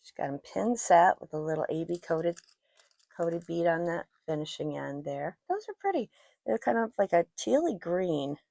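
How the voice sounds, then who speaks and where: A woman's voice: lowish voice, animated, moderate pace, gravelly, dark tone, no room sound. A woman hosting her own jewelry channel, chatting casually and gushing over each piece, with self-deprecating asides, on a personal microphone. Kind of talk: casual show-and-tell chat. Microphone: personal microphone worn while talking.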